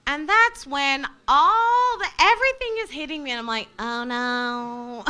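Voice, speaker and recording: A woman's voice: extremely high pitch, sharp tone. A woman telling a comic story about herself, rambling, laughing often and swearing casually.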